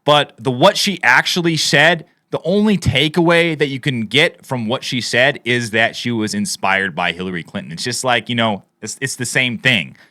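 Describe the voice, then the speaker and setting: Bright, dry-voiced male commentator. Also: mid-range voice, normal speed, few pauses, no room sound. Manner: opinionated, conversational, frequent fillers. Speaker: political commentator. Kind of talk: casual commentary over played clips.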